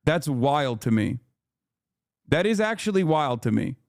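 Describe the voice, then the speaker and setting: A man hosting a live stream, reading chat messages aloud and reacting quickly with swearing and laughter. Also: on the high side, sing-song, gravelly, no room sound, clean studio sound.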